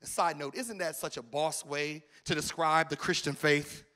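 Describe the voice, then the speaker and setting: A man's voice: fairly high pitch, fairly even intonation, moderate pace, pushed and bright. A man preaching a sermon as a pastor in a church, calling out to the congregation and building to emphatic peaks. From American South. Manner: preaching with call-outs and rising emphasis. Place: church auditorium.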